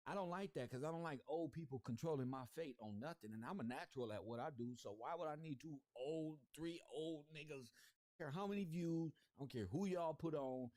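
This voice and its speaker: Confrontational livestream host, a man, slangy and repetitive, slightly high voice, dry close sound. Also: a little fast, a little mellow, no room sound. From South Central Los Angeles. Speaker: YouTube commentary host. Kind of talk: livestream commentary rant.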